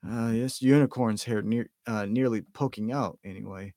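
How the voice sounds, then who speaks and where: A man's voice: on the low side, normal speed, dark tone, no echo, clean studio sound, lightly acted. A man voicing a chatty young wizard boy who talks casually and grumbles.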